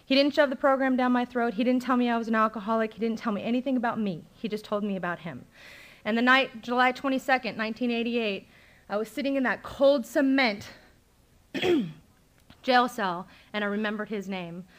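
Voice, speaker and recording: A woman speaks at a recovery meeting, sharing her past in a candid, conversational way. Her voice sits a little high and she leans on ums and likes as she goes. She sounds middle-aged and speaks plainly and openly. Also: fairly quick. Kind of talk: personal recovery story told to a meeting. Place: meeting room, live talk recording.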